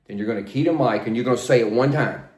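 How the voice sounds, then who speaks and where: An older man working as a flight instructor, coaching in a plain, steady, repetitive way. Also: mid-range voice, quick pace. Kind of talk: spoken instruction, demonstrating radio calls. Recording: roomy echo.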